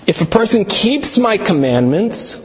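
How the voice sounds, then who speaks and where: A man preaching a sermon, teaching deliberately, quoting scripture and slowing down on key words. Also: high voice, very animated, a little hiss or hum. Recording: echoey hall, dull sound.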